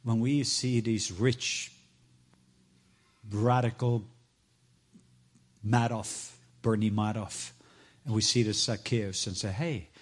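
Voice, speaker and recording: Middle-aged male preacher, sermon storytelling, drops soft in tender parts. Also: lowish voice, steady tone, slow, long pauses.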